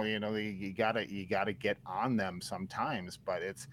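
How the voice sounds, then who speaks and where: A man with a lowish voice co-hosts a casual sports chat. He talks in a halting way, stumbling and repeating words as he goes. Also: steady tone, a bit bright, no room sound, poor audio. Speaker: podcast co-host.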